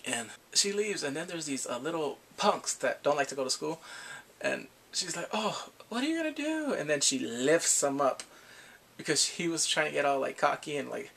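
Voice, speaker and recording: A man casually recapping drama episodes, animated and laughing often, acting out the characters' lines. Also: a little high, moderate pace, creaky. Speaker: drama reviewer.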